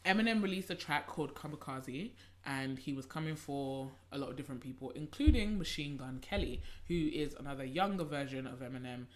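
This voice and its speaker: A young woman, co-hosting a casual podcast chat, animated and quick to laugh and swear. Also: a bass voice. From England. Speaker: podcast co-host.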